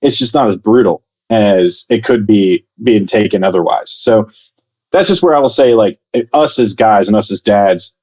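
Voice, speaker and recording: A man co-hosting a podcast in casual chat, measured and reflective, giving advice. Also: fairly low pitch, animated. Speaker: podcast co-host.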